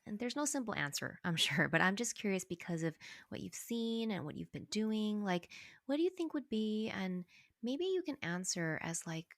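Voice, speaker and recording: A woman's voice: mid-range voice, big pitch swings, moderate pace, dry recording. A woman hosting a podcast, affirming her guest and asking thoughtful questions in a casual conversation. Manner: warm, affirming interviewer. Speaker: podcast host.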